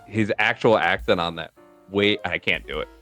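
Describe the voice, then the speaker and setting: Man, New York accent, bright forceful voice, animated casual chat. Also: deep voice, moderate pace, soft background music. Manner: animated, jumps into accent impressions.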